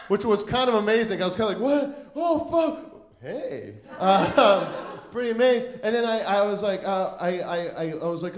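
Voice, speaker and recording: Guy doing standup, kinda high voice, rambly self-mocking story, roomy club mic. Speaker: stand-up comedian. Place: comedy club stage.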